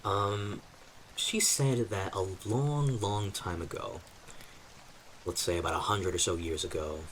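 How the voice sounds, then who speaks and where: Deep, unhurried man recapping a campaign. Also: fairly bright tone, slight background noise, low-quality recording. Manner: chatty, self-deprecating, talks to chat. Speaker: streamer and dungeon master. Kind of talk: casual stream recap of a tabletop campaign.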